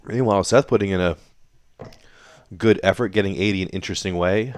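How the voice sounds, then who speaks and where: A man's voice: low-pitched, a little fast. A man calling darts play-by-play as host of a home-broadcast league, in a playful, theatrical way with teasing jokes about the players. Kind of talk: play-by-play sports commentary. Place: home laundry room. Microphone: computer broadcast setup.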